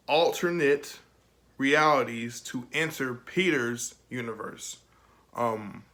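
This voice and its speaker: Young male reviewer, bright tone, loose chatty delivery with frequent laughs. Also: medium pitch. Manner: rambling and emotional, laughs often. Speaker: film reviewer. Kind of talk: casual video review.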